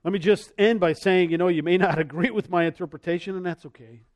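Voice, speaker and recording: A man preaching a sermon as pastor, animated, swinging between loud passages and soft ones, acting out the voices he quotes. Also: high-pitched, fast talker.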